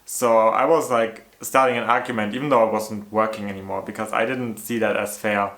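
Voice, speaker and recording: A man's voice: lowish voice, steady tone, fairly quick, fairly bright tone. Chatty man in a roomy echo. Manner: chatty, many "like" fillers, exasperated retelling. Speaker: storyteller. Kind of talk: casual storytime vlog.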